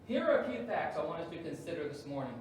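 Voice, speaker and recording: A man preaching a sermon as pastor, swinging between loud emphasis and hushed asides. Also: on the high side, very animated, fast talker, heavy reverb, recorded from a distance, slight background noise, rough recording. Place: church sanctuary.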